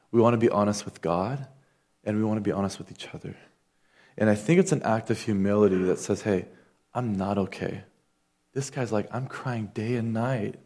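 A man's voice: on the low side, mellow. A man preaching a sermon in an earnest, conversational way, acting out quoted lines as he goes. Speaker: pastor.

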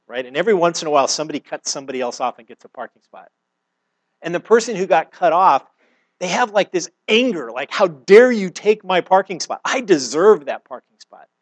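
A middle-aged pastor with a fairly high-pitched voice preaches a sermon in a dry recording. His delivery is earnest and conversational, drawing on everyday examples, and he restarts often, repeating words as he does.

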